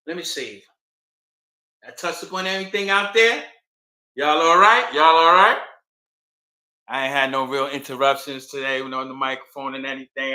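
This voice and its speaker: A man's voice: a little high, sharp tone, echoey room, low-quality recording. A man talking casually and rambling straight to his viewers on a livestream. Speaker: livestream host.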